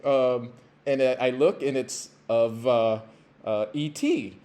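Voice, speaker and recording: A man hosts a podcast and tells a story in a relaxed, casual way. He rambles and halts, repeats himself, and fills gaps with "uh" and "you know." His voice sits at a middling pitch. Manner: rambling, halting, many fillers and restarts. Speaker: podcast host, former pro football player.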